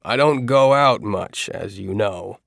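A man's voice: on the low side, takes it slowly, vocal fry, a bit bright, no room sound, clean studio sound, heavily acted. A man voicing a grouchy older man in an audiobook, curt and wry. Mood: gruff, wry. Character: grouchy old man, gruff and dry.

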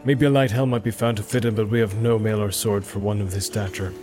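A man's voice: fairly low pitch, steady tone, fast talker, a little mellow, faint music behind, natural voice. A man voicing a dutiful male warrior captain who speaks respectfully and plainly, in an audiobook reading.

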